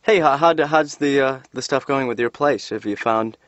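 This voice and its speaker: An actor voicing an aimless young man in a cartoon, who talks in a hesitant, rambling, halting way. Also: medium pitch, a little hiss or hum, lightly acted. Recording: slightly dull lo-fi TV audio.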